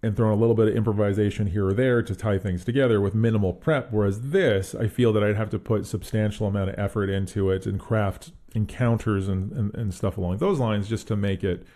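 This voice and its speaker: A man's voice: on the low side, fairly even intonation, a little fast, hardly any pauses, warm tone. A man co-hosting a podcast, chatting casually about a tabletop adventure module and thinking aloud with frequent restarts. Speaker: podcast co-host. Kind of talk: casual tabletop game review chat.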